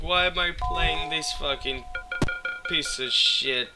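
Hoarse, excitable gamer guy, slow-talking. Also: a little high. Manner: excitable, swears often, talks to game objects. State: hoarse, sick voice. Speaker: let's play gamer. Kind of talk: casual gameplay commentary. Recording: game music behind voice. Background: game music.

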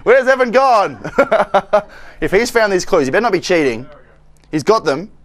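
Hosting a studio scavenger hunt through the TV set and offices, a young man jokes with his co-host, laughing often and calling out teasing commands. His voice sits high and is expressive, at a moderate pace.

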